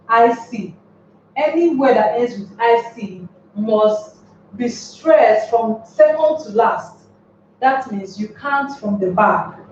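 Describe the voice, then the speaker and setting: A woman with a fairly high voice teaches a grammar class at a slow, careful pace, often stopping to quiz her listeners with rhetorical questions. She sounds far from the mic in a very echoey room. The recording is dull and lo-fi, with faint noise underneath. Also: darkish tone.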